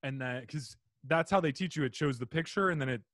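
A man's voice: medium pitch, brisk, a bit bright, no room sound, clean studio sound. A man hosting a casual interview, telling stories animatedly and slipping into silly voices. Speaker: host.

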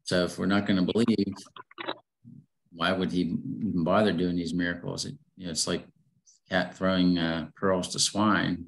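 A man's voice: deep voice, little pitch movement, moderate pace, gravelly, low-quality recording. A man leading a casual group Bible study, asking questions and thinking aloud with frequent restarts.

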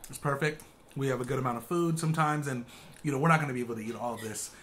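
A man in the middle of his range chats casually over a meal, relaxed and agreeable. He fills the gaps with hums of approval while he eats. A faint hiss of noise sits under his voice. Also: medium pitch, rapid-fire. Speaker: co-host of a couple's channel. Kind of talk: casual mukbang chat.

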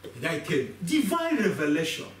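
In an echoey church hall recorded from a distant mic, a pastor with a slightly high voice preaches at a moderate pace. He is animated, performs different voices, and puts questions to the congregation, with a little hiss or hum audible.

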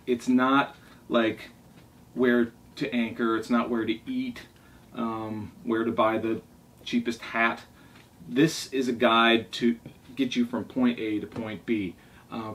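A man who sails, showing off his favorite books in a casual, rambling way, talking eagerly and often restarting his sentences. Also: on the low side. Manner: enthusiastic, rambling, with restarts and asides. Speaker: sailing vlogger showing his library. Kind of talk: casual show-and-tell. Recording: distant mic, faint background noise.

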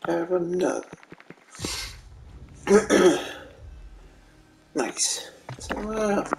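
A woman giving casual, animated gameplay commentary, swearing freely and retelling what her teammates say. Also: lowish voice, drawn-out words, long pauses, slight background noise, low-quality recording. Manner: animated, profane, retells teammates' reactions with laughter. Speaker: gamer streaming gameplay.

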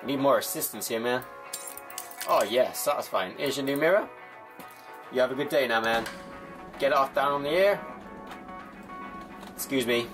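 A man's voice: medium pitch, moderate pace, long pauses, music in the background. A young man commentating a game with jokes, chatting to customers in a mock shopkeeper voice. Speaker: gaming YouTuber. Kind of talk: comedic gameplay commentary.

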